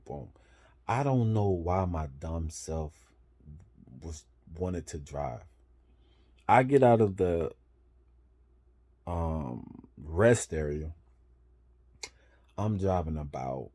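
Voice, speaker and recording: A man who drives trucks telling a story in a casual, rambling way, correcting himself as he goes and marking each turn with "boom.". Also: mellow.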